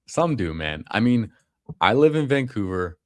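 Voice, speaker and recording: A man's voice: on the low side, big pitch swings, moderate pace, no echo, clean studio sound. A man streaming a fantasy football draft, talking casually and slangily with viewers. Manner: casual, slangy, calls people bro and man. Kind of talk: casual live commentary.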